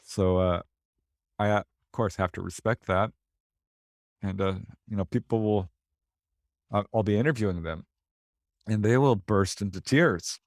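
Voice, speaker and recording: A man, a paranormal investigator, telling anecdotes in a casual interview in an animated way. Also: fairly low pitch, unhurried, pauses often, dry recording, studio quality. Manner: animated, anecdotal, laughs between lines.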